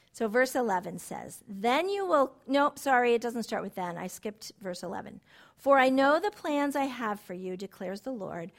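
A middle-aged woman teaching a Bible study in a conversational way, telling personal stories that move from soft and low to excited and emphatic. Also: vocal fry.

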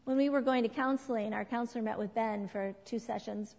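A middle-aged woman leading a church parenting class. She talks in an animated way, asks the group questions and acts out what people said. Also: a little high, a little fast, vocal fry. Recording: dull lo-fi sound with long hall reverb.

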